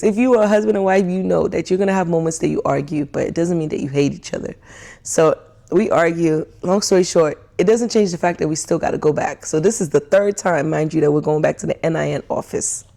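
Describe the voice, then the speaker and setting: A woman's voice: fairly low pitch, creaky. A young woman telling a frustrated story in a casual rant, often laughing and acting out what people said. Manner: animated, laughs often, acts out quoted dialogue. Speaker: vlogger.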